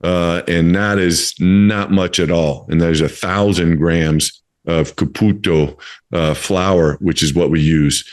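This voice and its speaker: A man's voice: low voice, steady tone, slow. A man in his fifties hosting a casual interview, talking in a rambling way with many fillers and restarts. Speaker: podcast host.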